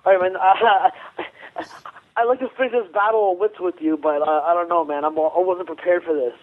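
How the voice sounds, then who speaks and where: A man from Canada calling into a talk show, rambling and swearing, halting over his words. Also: high-pitched, fairly even intonation. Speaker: caller. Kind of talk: call-in chat. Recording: tinny phone line.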